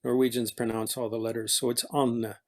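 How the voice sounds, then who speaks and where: Pitched fairly high, a middle-aged actor recounts anecdotes in a relaxed chat, stumbling and wandering as he keeps restarting his sentences.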